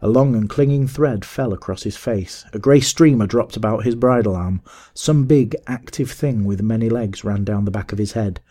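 A man narrating a classic adventure story in a measured, steady audiobook reading. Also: on the low side.

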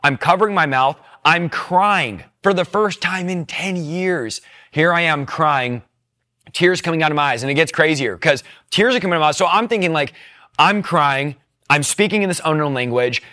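A young man tells his conversion story in an earnest, emotional way, tears close to the surface. His voice sits a little high and sounds bright and forceful. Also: normal speed. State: tearful. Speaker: testimony speaker. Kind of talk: personal testimony.

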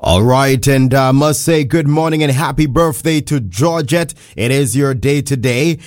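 A man's voice: mid-range voice, a little slow, darkish tone, no room sound. A man from Montserrat, a radio host chatting casually in a studio, laughing often and stumbling over words. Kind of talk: casual morning radio chat.

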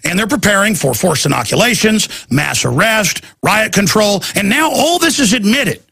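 A man's voice: high-pitched, lively intonation, normal speed, creaky, pushed and bright, husky, no echo. A man hosting a talk radio show, delivering an urgent, emphatic ranting monologue.

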